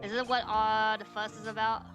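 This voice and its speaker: A woman's voice: a little high, little pitch movement, moderate pace, lightly acted. A woman voicing a cocky young male rock-star prosecutor who drops German words, read over game music. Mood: smug.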